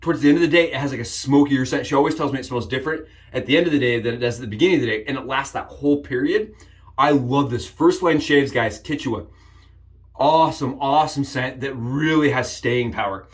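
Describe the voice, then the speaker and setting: A man hosting a casual shaving vlog, upbeat and jokey, rambling with frequent restarts and sudden excited jumps in pitch. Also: brisk. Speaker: shaving channel host. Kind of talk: casual shave demonstration vlog.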